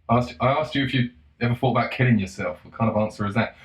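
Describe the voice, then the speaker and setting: Brit guy, solo rant, swears a lot, mock-shouts for effect, average pitch, roomy echo. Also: fast talker. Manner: profane, sarcastic, bursts into mocking shouts. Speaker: solo commentator. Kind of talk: casual ranting monologue.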